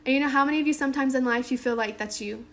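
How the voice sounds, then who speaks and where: A woman's voice: high voice, rapid-fire. Casual woman teaching a Bible story. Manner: conversational, lots of "like" and "um"; reads scripture aloud then paraphrases informally.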